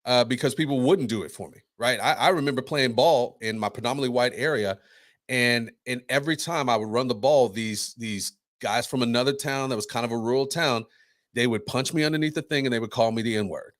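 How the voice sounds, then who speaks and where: A man on a podcast, telling stories in a lively way and acting out quotes, often asking "right?". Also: mid-range voice, brisk, no echo, clean studio sound. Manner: animated storyteller, acts out quotes, says "right?" often. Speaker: podcast co-host. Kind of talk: casual conversation.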